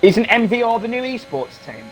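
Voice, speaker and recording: A man commentating a live sim race, excitable and quick to swear when frustrated. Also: extremely high pitch, soft background music.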